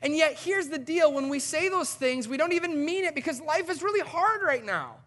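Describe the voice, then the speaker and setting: High-voiced animated male pastor. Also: moderate pace. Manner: animated, conversational preaching with emphatic swings. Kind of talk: sermon.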